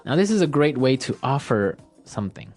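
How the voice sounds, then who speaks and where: A man's voice: mid-range voice, sing-song, a little fast, darkish tone, faint music behind. A man hosting an English learning podcast, chatting casually and repeating phrases for learners. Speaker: English teacher and podcast host. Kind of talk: casual teaching chat.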